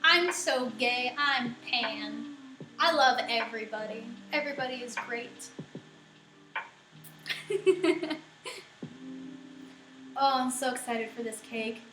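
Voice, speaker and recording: A woman's voice: a little high, slow, long pauses. A young woman chatting casually and giggling often as she answers viewers during a live baking stream at home. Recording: roomy echo with faint music.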